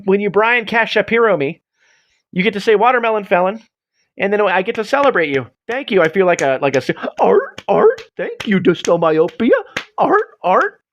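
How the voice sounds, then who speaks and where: Talking loosely and self-deprecatingly, a male livestream host rambles through his stream in a high, somewhat bright voice, captured on dull lo-fi audio.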